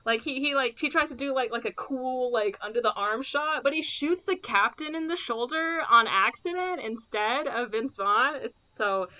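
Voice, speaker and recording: Bright, chatty woman retelling a movie. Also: high-pitched, normal speed, hardly any pauses, muffled recording. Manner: animated retelling with frequent fillers and quoted impressions. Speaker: podcast co-host. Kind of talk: casual movie recap.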